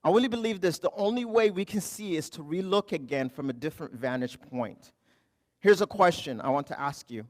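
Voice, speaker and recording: Man preaching a lively storytelling sermon. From Canada. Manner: conversational storytelling with humor; swings from quiet lows to loud emphatic highs. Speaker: pastor.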